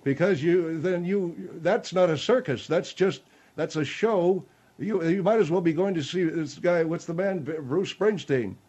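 A cantankerous general, as voiced by a man, spars with the host on a radio comedy bit, gruff and quick to insult. His voice sits a little high for a man. The broadcast sound is dull and lo-fi. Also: a little mellow. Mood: combative. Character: cantankerous male general, argumentative radio guest. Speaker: guest on a radio talk show.

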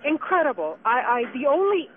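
A scolding, indignant woman calls in from her car. Her high voice comes through a tinny phone line as she lectures with terms like "sweetheart" and "honey". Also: very animated, normal speed. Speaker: caller. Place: in a car while driving.

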